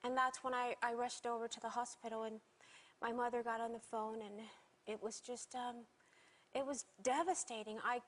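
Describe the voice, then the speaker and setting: A woman giving an emotional personal account in an interview, soft-spoken and halting, often repeating herself. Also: fairly high pitch, fairly even intonation.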